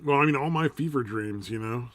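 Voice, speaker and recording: A man's voice: medium pitch, brisk, crowd noise. A man co-hosting a podcast in casual chat, swearing freely and laughing often. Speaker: podcast co-host.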